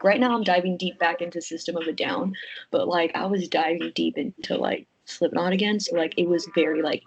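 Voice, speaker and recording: Excited young woman rambling with swearing. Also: fairly low pitch, poor audio. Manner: rambling, heavy on fillers and swearing; excited storytelling. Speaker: podcast guest. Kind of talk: casual chat.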